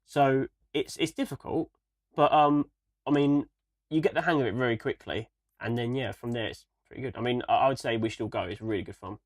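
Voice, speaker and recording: A man's voice: mid-range voice, fairly quick, no echo. Young man, podcast co-host, easygoing explainer, dry close-miked sound. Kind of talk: casual chat.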